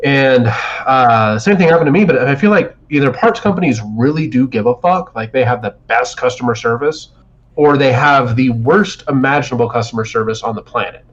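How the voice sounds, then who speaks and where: A man's voice: medium pitch, normal speed. A man co-hosting a podcast, telling a long profane story in a rambling way with many restarts. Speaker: podcast co-host. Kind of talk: casual chat. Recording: dull lo-fi stream audio.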